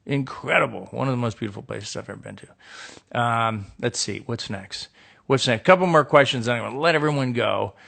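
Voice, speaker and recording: A man's voice: mid-range voice, brisk, creaky, fairly bright tone. A middle-aged American man chatting alone on a phone live stream, reading out fan questions and riffing on them with dry, sarcastic jokes. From United States. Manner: reads questions aloud and riffs with dry, joking sarcasm. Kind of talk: casual solo live stream chat. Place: indoor room with a window.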